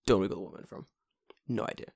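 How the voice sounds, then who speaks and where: Un hombre joven de Londres con acento londinense, que cuenta anécdotas en una charla informal, con muchas palabrotas y arrebatos de voz fuerte. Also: male voice, very fast. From England. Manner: profane, animated storytelling with sudden loud outbursts. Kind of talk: casual chat.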